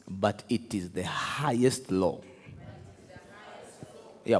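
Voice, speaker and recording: A man preaching a sermon, telling stories with laughter and shouting out to his congregation. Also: on the low side. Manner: animated storytelling, laughs, shouts to the crowd. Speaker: pastor. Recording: echoey hall with long reverb.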